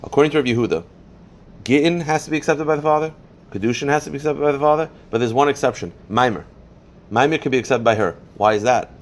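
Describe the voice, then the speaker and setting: A rabbi teaches a daily Talmud class in a voice of ordinary pitch for a man. He reads the Aramaic source quickly and then puts it into plain English. He moves through the argument by posing a question and then answering it. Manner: explains step by step, poses and answers questions.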